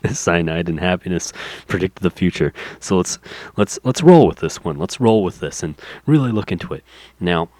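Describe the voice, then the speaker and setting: A man's voice: deep voice, expressive, unhurried, a little mellow, dry recording. A man hosting a gaming podcast, giving rambling casual commentary with lots of fillers. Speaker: podcast host.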